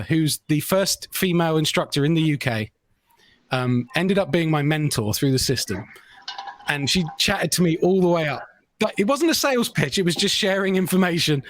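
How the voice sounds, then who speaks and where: A man's voice: on the high side, no echo. Man telling a self-mocking story. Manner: animated, self-mocking storyteller who acts out quotes. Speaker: podcast co-host. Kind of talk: casual storytelling chat.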